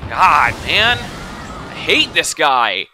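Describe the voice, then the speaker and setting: A young man commentating his own video game run, swinging between frustrated shouting and swearing and calm explanations of tactics. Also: fairly high pitch, very slow, music in the background. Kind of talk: let's play commentary.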